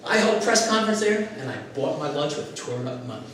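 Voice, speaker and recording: A man delivers a campaign stump speech in a high voice that swings widely as he acts out quotes with animation. He is captured by a camera far across an echoey former classroom, with steady background noise. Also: quick pace. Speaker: political candidate. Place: former classroom at a local meeting.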